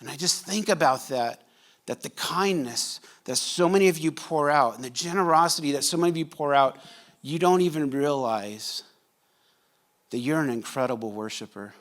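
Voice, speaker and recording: Conversational pastor preaching a sermon. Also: male voice, on the high side, expressive, normal speed, a bit bright. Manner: conversational, joking with the congregation. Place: church sanctuary.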